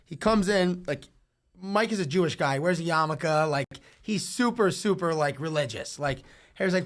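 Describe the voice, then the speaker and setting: A man's voice: fairly high pitch, lively intonation, moderate pace. A young man telling stories in a casual podcast chat, rambling and swearing with lots of filler words. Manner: rambling, profane, heavy use of filler like. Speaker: entrepreneur guest.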